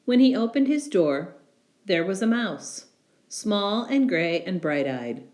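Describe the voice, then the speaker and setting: A woman reading a children's picture book aloud in an expressive, unhurried storytelling manner. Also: mid-range voice. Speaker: storybook reader.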